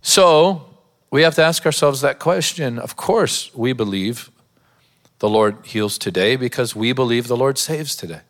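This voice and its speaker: A man's voice: mid-range voice, unhurried. A man, a pastor, preaching a sermon in a church, mixing scripture with a humorous personal story and laughing often.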